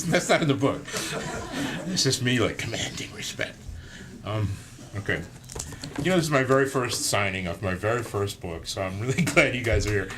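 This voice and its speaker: A man's voice: mid-range voice, background noise. Joking man reading his own book aloud. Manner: self-deprecating, joking asides. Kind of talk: live book reading with asides. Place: indoor room with an audience.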